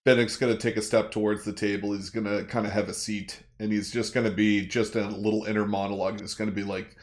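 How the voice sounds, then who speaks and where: A man playing a tabletop game, relaxed and a little hesitant in his speech. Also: lowish voice, fast, hardly any pauses. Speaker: player. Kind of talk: casual tabletop role-play.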